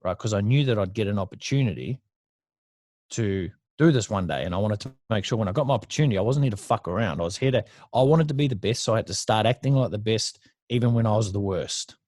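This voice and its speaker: A man's voice: lowish voice, expressive, fast talker, a little mellow, no room sound, clean studio sound. A man in his thirties with an Australian accent, telling stories as a guest in a casual interview, blunt and chatty, swearing freely. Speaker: guest entrepreneur.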